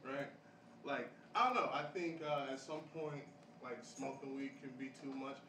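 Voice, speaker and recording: A man's voice: mid-range voice, moderate pace, bright, forceful tone. A young man doing a rambling stand-up set at a café open mic, laughing at his own jokes. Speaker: stand-up comedian. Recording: roomy live café sound from a distant mic with audience noise.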